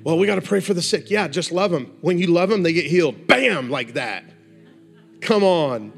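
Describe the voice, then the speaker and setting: Male revival preacher, high voice, fervent, faint music bed. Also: expressive, a little fast, gravelly, slightly rough. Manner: passionate, swings from hushed to rising exhortation. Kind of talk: sermon.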